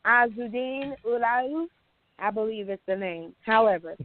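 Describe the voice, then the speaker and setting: A woman's voice: fairly high pitch, animated, measured pace. A woman co-hosting a casual podcast, recapping celebrity news in a chatty way and laughing often. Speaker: podcast co-host. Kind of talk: casual chat. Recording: tinny phone-like line.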